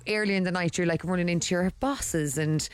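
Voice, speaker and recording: A woman's voice: fairly low pitch, a little fast, clean tone, dry recording. An Irish woman co-hosting a radio show, chatting casually and giggling as she acts out voices in her stories. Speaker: radio co-host.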